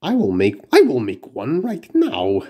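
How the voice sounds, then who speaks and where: A man's voice: mid-range voice, huge pitch swings, measured pace, darkish tone, breathy edge, exaggerated voice. A man voicing a small, sulky furry monster who grumbles at being left out, in a storybook reading. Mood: glum.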